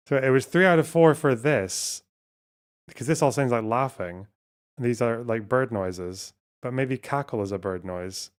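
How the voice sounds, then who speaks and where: A man's voice: mid-range voice, a little slow, pauses often, clean tone. A man streaming live, thinking aloud as he plays a word puzzle, swearing often and talking to his chat. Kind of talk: casual live-stream talk while playing a word puzzle.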